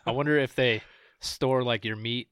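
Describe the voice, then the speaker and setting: A man's voice: mid-range voice, fairly even intonation, moderate pace, a bit bright, smooth, no room sound. Laughing male podcast co-host. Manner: laughs often, plays along with jokes. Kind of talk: casual profane podcast banter.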